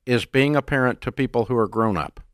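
A man's voice: medium pitch, fairly quick, no echo, studio quality. An older man hosting a call-in radio show, giving blunt, emphatic, folksy advice.

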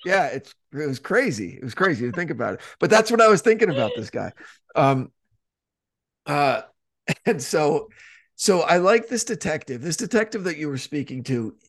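A man's voice: a little high, big pitch swings, normal speed. A man co-hosting a podcast in casual chat, rambling with frequent restarts and plenty of swearing. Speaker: podcast co-host.

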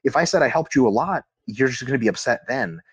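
A man talking casually on a podcast as a guest expert on training, animated and profane. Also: mid-range voice, quick pace, breathy edge, no echo. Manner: animated, profane, acts out quotes.

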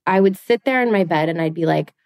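A woman's voice: fairly low pitch, quick pace, darkish tone, no echo, studio quality. A woman in her thirties, a podcast guest, telling her own story candidly and bluntly, swearing freely.

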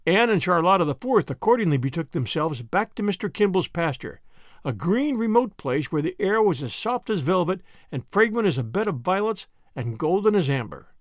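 A man reading a classic novel aloud as an expressive audiobook narrator. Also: high-pitched, normal speed, no room sound, studio quality. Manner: expressive storytelling. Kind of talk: scripted narration.

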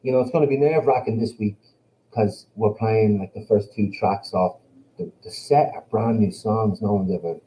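A man's voice: lowish voice, normal speed, mellow, slight background noise. A man from Ireland with an Irish accent, a band member talking as a guest in a blunt, profane, confident way. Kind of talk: casual interview chat. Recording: slightly dull, lo-fi sound.

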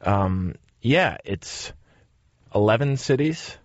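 A man's voice: on the low side, lively intonation, takes it slowly, no room sound, muffled recording. A man with a Boston accent, a comedian guest answering easygoing and laughing often. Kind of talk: casual interview chat.

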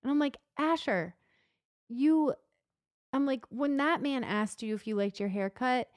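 A woman's voice: high voice, measured pace, no echo, studio quality. A woman in her thirties chatting casually, telling a story and acting out the people in it. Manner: animated storyteller, acts out quotes. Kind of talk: casual chat.

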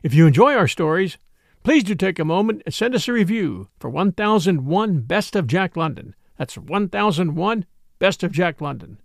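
A man's voice: sits high, animated, normal speed, vocal fry, no echo, studio quality. A man narrating an adventure story as host and storyteller, in a dramatic audiobook reading. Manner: dramatic audiobook reading, voicing each character. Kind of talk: scripted narration.

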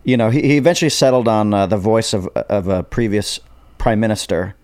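A man, an actor guest on a podcast, chatting casually and telling animated stories. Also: on the low side, fairly quick, clean tone, dry recording. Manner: storytelling, animated retelling. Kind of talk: casual interview chat.

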